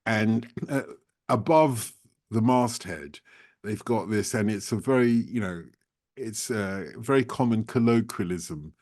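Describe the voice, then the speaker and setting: A man's voice: lowish voice, unhurried, darkish tone. Chatty, playful male podcast host. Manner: chatty, playful, laughs easily. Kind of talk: podcast conversation.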